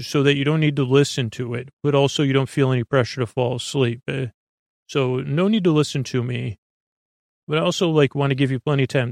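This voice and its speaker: Meandering gravelly-voiced sleep podcast man. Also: medium pitch, no echo, studio quality. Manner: meandering, drowsy, full of fillers and restarts. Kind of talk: rambling bedtime podcast chat.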